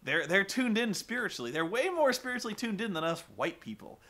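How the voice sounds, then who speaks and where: Bright, animated man ranting about a movie. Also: high-pitched, brisk. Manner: animated, rambling, lots of fillers and swearing. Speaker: vlogger reviewing a film. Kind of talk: casual profane film rant.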